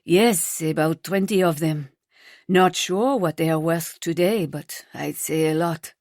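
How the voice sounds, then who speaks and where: Wry brisk man, lower voice, matter of fact, dry sound, woman putting him on. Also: a little mellow, no echo.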